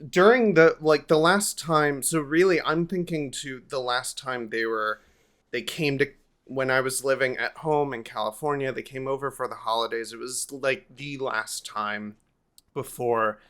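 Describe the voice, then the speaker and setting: A man hosting a podcast, telling a family holiday story in a casual, animated way. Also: medium pitch, unhurried, smooth. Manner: animated, lively anecdote telling with swearing. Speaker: podcast host.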